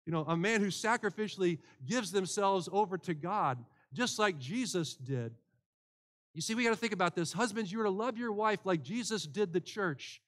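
A high-voiced man preaches a sermon to his church. He speaks earnestly as pastor and often restarts his phrases as he builds a point. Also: lively intonation, normal speed.

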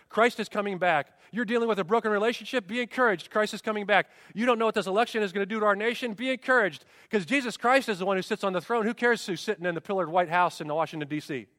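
A man's voice: high voice, a bit bright, no room sound, studio quality, long reverb tail. A man preaching a sermon as pastor, emphatic, with rhetorical questions and repeated refrains.

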